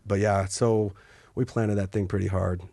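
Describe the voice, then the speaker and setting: A man telling war stories as a podcast guest, acting out quotes with sudden yelps and hushed asides. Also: lowish voice, little pitch movement, normal speed, gravelly, no echo. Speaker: podcast guest, Army helicopter pilot. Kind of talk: casual storytelling.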